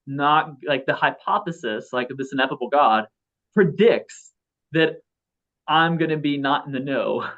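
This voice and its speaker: Unhurried and a bit bright, this man's voice sits at a fairly high pitch. A philosopher in his thirties on a casual interview, he rambles with many restarts and fillers, recorded in slightly dull lo-fi audio.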